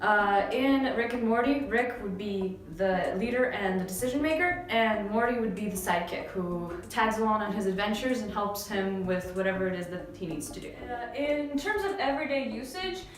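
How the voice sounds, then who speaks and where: A young woman from Canada, explaining English phrases in a relaxed, chatty lesson with many fillers. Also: mid-range voice, moderate pace, hardly any pauses. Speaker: English teacher. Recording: very echoey room with faint music.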